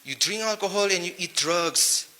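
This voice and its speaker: A man's voice: high-pitched, normal speed, sharp tone. A man with a Naga accent giving a preachy motivational talk to young men, full of rhyming wordplay and rhetorical questions.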